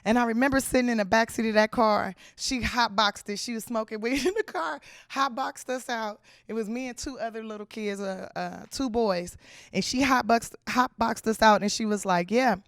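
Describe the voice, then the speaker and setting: A woman comedian from Los Angeles telling a comic story from her own life in slangy, animated speech. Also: a little high, normal speed, no echo, studio quality. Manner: animated, slangy, acts out the people in her stories.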